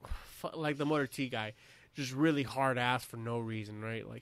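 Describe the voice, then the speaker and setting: A man telling profane, laughing stories about his time as a young Marine, acting out the people he quotes in loud bursts. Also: mid-range voice, moderate pace, no room sound. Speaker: veteran telling war stories. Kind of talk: casual storytelling chat.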